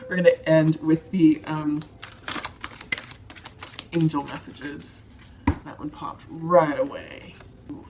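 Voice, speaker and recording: A woman giving a tarot card reading to her viewers, soft-spoken, emotional and reassuring. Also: deep voice, level tone, takes it slowly, pauses often, noisy background. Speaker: tarot reader.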